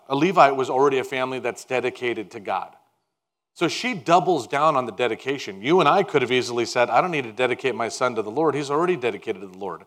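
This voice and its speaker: A man preaching a sermon as pastor, animated and emphatic, laughing at his own asides. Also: on the high side.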